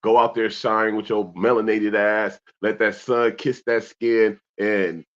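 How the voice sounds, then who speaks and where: A young adult man co-hosting a casual talk show, animated and profane, reading out comments from viewers. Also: fairly low pitch, a little slow. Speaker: podcast co-host. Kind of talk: casual chat. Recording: dull lo-fi sound.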